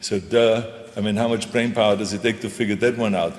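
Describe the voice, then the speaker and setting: A man's voice: lowish voice, steady tone, fairly quick. A man speaking on a panel in an emphatic, repetitive, motivational way. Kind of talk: stage panel talk. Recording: reverberant hall.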